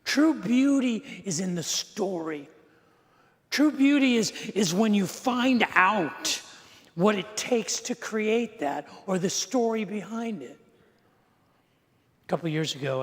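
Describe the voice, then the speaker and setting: Middle-aged man, pastor, casual storytelling sermon with dry humor and questions to the congregation; high-set voice, reverberant hall. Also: expressive, slow. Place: church sanctuary.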